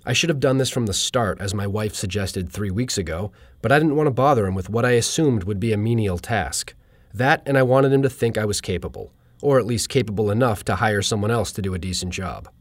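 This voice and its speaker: Deadpan male essay reader, lowish voice, dry close recording. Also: a little fast, dry recording. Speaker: narrator. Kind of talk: reading a personal humorous essay.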